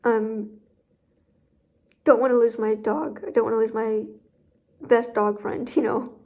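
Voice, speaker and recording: A woman's voice: a little high, fairly even intonation, measured pace. A woman talking candidly in a personal vlog about handling her guide dog, rambling with many fillers and sounding emotionally drained. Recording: dull lo-fi recording.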